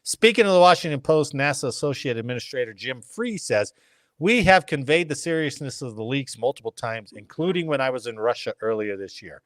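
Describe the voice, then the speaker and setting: A man hosts a podcast, reading news aloud and breaking off to joke about it. His pitch moves a lot as he talks. The sound is dry and close to the mic. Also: animated, brisk, fairly bright tone, no echo. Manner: jokey, reads articles then riffs with funny voices.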